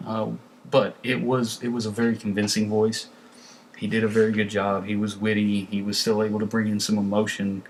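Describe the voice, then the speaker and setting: This movie reviewer has a lowish voice and a conversational, rambling style, stumbling through many fillers and restarts as he discusses a film. There's slight background noise.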